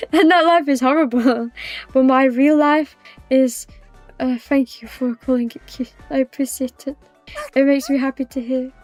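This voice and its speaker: A woman's voice: high voice, steady tone, a little slow, long pauses, a little mellow, no echo, soft background music. A young British woman livestreaming, chatting with viewers in a rambling, teasing way and laughing easily. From Britain. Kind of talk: casual chat with live viewers.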